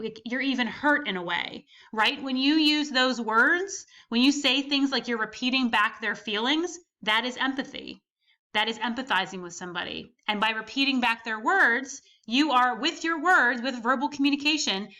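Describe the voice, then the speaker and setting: A woman's voice: on the high side, bright, forceful tone. A woman instructor giving a recorded class lecture, explaining step by step and often checking in with the listener. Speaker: college instructor.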